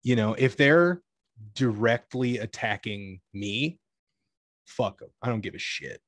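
A man's voice: medium pitch, animated, unhurried, dry recording. A young man talking in a casual chat, rambling with lots of filler words and free swearing. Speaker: guest.

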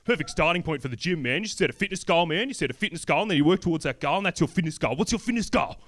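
Hyped young gym bro, played by a man, sharp bright tone, says bro a lot. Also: a little high, lively intonation, racing.

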